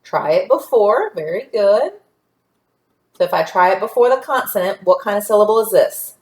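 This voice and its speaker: A woman teaching a phonics lesson to young children, patient and sounding out word parts slowly. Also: medium pitch, lively intonation, a little mellow. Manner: slow, patient, stretching out sounds. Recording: echoey room.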